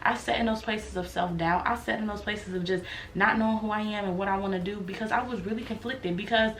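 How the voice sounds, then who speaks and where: A woman's voice: medium pitch, fairly even intonation, fast, fairly bright tone. A woman in her twenties talking earnestly and reflectively to her viewers in a candid sit-down vlog. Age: 20s. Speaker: vlogger. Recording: roomy echo, faint noise.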